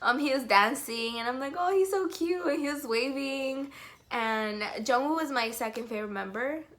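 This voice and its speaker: Bright-voiced young woman gushing a fan story. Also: fairly high pitch, moderate pace. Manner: gushing, lots of "like", breaks into giggles. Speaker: vlogger. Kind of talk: excited storytime vlog.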